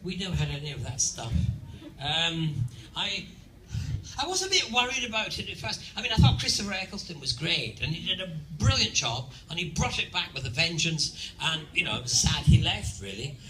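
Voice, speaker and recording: An older Scottish man, a guest on a convention panel, tells playful stories to an audience with laughing asides. His voice is a little high and pushed, bright, with big pitch swings at a normal speed. Recorded on a distant mic in an echoey large convention hall with a crowd, there's a little hiss or hum.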